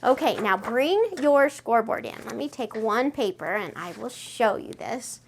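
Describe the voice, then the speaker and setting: A woman with a slightly high voice walks through a craft project step by step. She talks in a chatty, friendly way and gushes with excitement as she works. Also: normal speed, slight background noise. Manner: gushing, excitable. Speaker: craft tutorial host.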